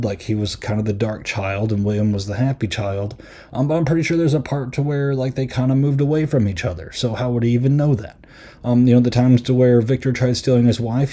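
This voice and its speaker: A man's voice: mid-range voice, mellow. A man hosting a podcast, casually reviewing a film in a rambling way, with lots of fillers and acted-out quotes.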